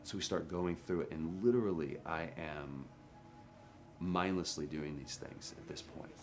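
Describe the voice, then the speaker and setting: A male actor candidly recalling a hard shoot, frank and at times dropping to a hush. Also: low-pitched, a little slow. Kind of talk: candid interview recollection. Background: music.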